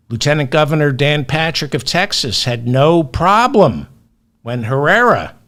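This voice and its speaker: Sardonic man with slow, lively delivery. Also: medium pitch. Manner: sardonic, indignant, with long pauses. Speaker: political commentary host. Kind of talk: solo news commentary.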